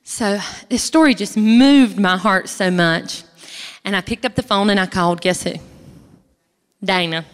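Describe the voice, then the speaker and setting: A woman's voice: mid-range voice, unhurried, clear, resonant tone. A woman gives a chatty church testimony from a stage, talking straight to the audience. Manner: folksy, chatty, addresses the audience directly. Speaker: speaker giving a testimony. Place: large hall, speaking from a stage. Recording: echoey hall with long reverb.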